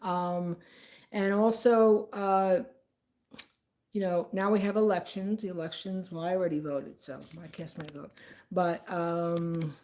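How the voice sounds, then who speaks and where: A woman's voice: on the low side, fairly even intonation, measured pace, dark tone. A woman telling a story in a rambling, tangential, indignant way. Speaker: vlogger. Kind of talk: casual storytelling.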